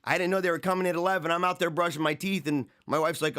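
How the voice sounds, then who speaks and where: A man's voice: on the high side, rapid-fire, a bit bright, smooth. A man hosting a livestream show, chatting casually, rambling, mocking and laughing often as he reads viewer comments. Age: adult, married with young children.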